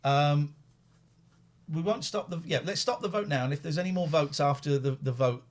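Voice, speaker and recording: A man's voice: a little high, normal speed. A man hosting a live call-in show, chatting casually and joking as he goes. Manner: jokey, rambling, puts on silly voices. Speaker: host.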